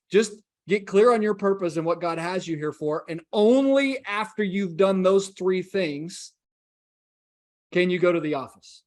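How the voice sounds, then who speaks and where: A man's voice: on the high side, a little mellow. A man in his forties, a podcast guest telling his story in an earnest, reflective way and acting out the dialogue he quotes. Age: 40s.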